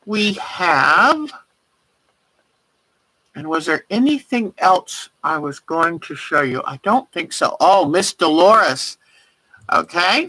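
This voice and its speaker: With a husky, fairly low voice that's still bright and forceful, a woman runs a casual quilting livestream, warmly praising viewers' work by name in a chatty show-and-tell. The recording is dry and the audio poor.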